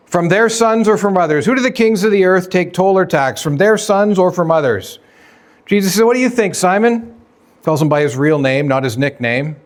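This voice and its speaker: A man with a slightly higher-pitched voice preaches a sermon in an easy, conversational way. He keeps asking his listeners questions and lifts his voice to play out the quoted dialogue. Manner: conversational, asks the congregation questions. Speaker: pastor.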